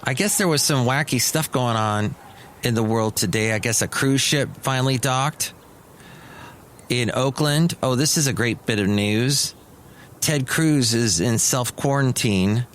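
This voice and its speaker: A man's voice: fairly low pitch, a bit bright, a little hiss or hum. A middle-aged man hosting a solo comedy podcast, chatty, wry and meandering. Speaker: podcast host.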